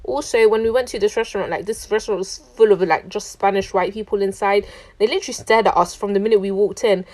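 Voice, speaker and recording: A young woman tells a travel story straight to camera. She sounds chatty and indignant, and her sentences are full of "like". Her pitch sits in the middle range. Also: fairly even intonation, quick pace, darkish tone. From London, England. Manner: chatty, indignant, heavy use of "like". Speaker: traveller recounting a trip.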